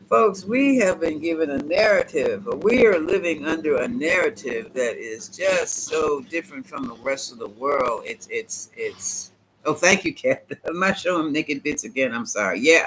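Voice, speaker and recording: A man giving a live-stream tarot reading, chatty and animated, talking back to viewers and laughing often. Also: on the high side, unhurried, a little hiss or hum, low-quality recording. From United States. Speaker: tarot reader.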